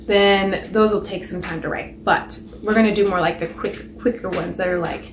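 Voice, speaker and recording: A woman's voice: medium pitch, steady tone, normal speed, background noise. A woman coaching business owners on blogging in a chatty, rambling, upbeat casual tutorial. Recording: roomy echo, faint ambience.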